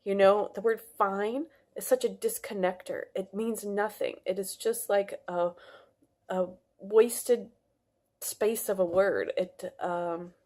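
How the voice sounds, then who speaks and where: Woman, mid-pitched, heartfelt rambling vlog to camera. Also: steady tone, slow, a little mellow. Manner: earnest, rambling, with many restarts and fillers. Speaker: wellness vlogger. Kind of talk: casual heartfelt monologue to camera.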